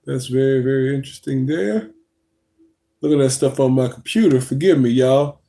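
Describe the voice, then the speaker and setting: A man's voice: medium pitch, moderate pace, creaky, mellow. A young man, hosting a casual livestream, chatting loosely, reading the chat aloud and yawning now and then. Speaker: livestream host.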